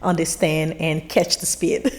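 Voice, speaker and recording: A woman's voice: low-pitched, a little slow. A woman in her thirties from Ivory Coast, a native French speaker, telling stories as a guest in a casual interview. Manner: animated storyteller, laughs while acting out exchanges.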